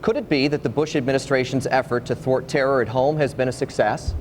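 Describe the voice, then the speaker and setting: Male journalist, crisp scripted question, mid pitch. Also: fairly even intonation, fast talker, a little hiss or hum. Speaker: TV journalist panelist. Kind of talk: formal question to candidate.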